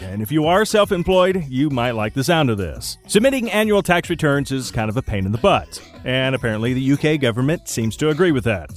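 A man hosts a tech news show in a playful, teasing tone. His pitch sits a bit high and leaps around constantly as he jokes and slips into mock voices. A light music bed plays quietly beneath him. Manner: jokey, teasing, swings between mock voices and plain reading.

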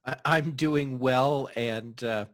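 Halting man on a video call. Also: medium pitch, dry recording. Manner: halting, repeats words. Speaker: panel guest. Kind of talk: casual chat over video call.

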